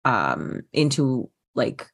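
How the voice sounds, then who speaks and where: A woman's voice: very deep voice, sing-song, drawn-out words, gravelly. A woman co-hosting a book podcast, talking casually with many fillers and restarts. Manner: chatty, frequent fillers and restarts. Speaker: podcast co-host. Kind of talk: casual book review chat.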